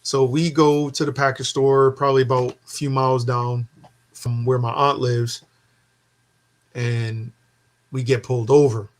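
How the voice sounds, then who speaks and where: Man, middle pitch, chatty storyteller who acts out the dialogue. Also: unhurried. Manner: animated storytelling, acting out quoted dialogue. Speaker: storyteller in casual chat. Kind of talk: casual chat.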